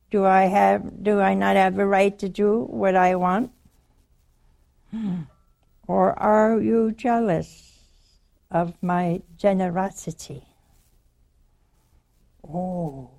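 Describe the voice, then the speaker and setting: Slow, gravelly woman preacher. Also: mid-range voice, dark tone. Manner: teasing, conversational, acts out stories. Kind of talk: sermon.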